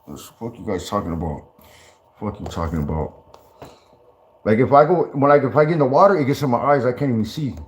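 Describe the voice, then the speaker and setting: A man's voice: medium pitch, expressive, quick pace, pauses often. Rambling, profane man telling stories. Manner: rambling, profane, stammers and restarts, laughs often. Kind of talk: casual storytelling.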